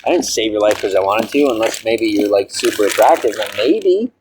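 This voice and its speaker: A young man talking to the camera in a rambling solo vlog, drifting between mumbles and sudden loud, high-pitched outbursts. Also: expressive, a little fast, background noise.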